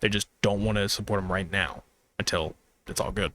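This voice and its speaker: A man with a lowish voice chats casually on a live gaming stream. He rambles through his thoughts, swears freely and addresses the viewers directly. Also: steady tone, a little fast, a bit bright.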